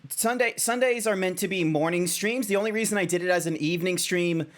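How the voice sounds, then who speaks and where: A man's voice: high voice, a little fast. A young Australian man streaming as a VTuber, chatting casually and rambling with many restarts. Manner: rambling, self-correcting, chatty.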